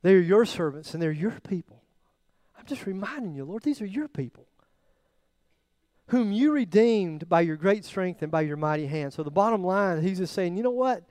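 High-voiced preacher, dramatic swings. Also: male voice, animated, normal speed, no room sound, studio quality. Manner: dramatic, acts out biblical quotes with swings in loudness. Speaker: pastor. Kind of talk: sermon.

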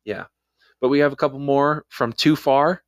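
A man's voice: medium pitch, fairly even intonation, moderate pace, no echo, clean studio sound. A man co-hosting a casual podcast, telling stories and reading listener reviews aloud. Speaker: podcast co-host.

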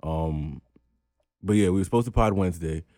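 A man's voice: sits low, moderate pace, mellow, no echo, clean studio sound. A man co-hosting a podcast, venting bluntly and profanely, his voice climbing when he gets angry. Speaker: podcast co-host. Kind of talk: casual podcast chat.

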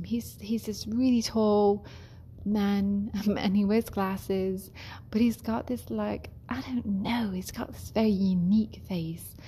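A woman who works as a care worker tells a story in a chatty way. She laughs often and slips into soft, whispery asides. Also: mid-range voice, a little hiss or hum. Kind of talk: casual storytelling.

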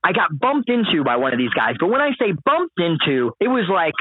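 Animated, profane man telling a story. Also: sits high, fairly quick, no room sound. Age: late 20s or older. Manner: animated, profane, lots of fillers. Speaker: podcast guest telling a story. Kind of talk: casual storytelling. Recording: husky voice over a dry, phone-like line.

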